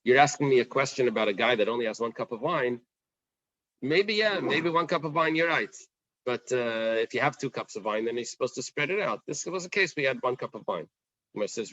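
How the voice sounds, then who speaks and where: A man's voice: mid-range voice, moderate pace, no room sound, highs cut off. A man teaching a casual Talmud class, talking things through and acting out the questions in the text. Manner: conversational, animated, acts out the Gemara's questions.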